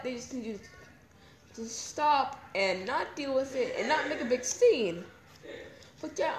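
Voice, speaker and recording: Young woman podcast host, candid rambling talk, slightly high voice, roomy echo, faint hum behind. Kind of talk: casual personal talk. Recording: echoey room with faint ambience.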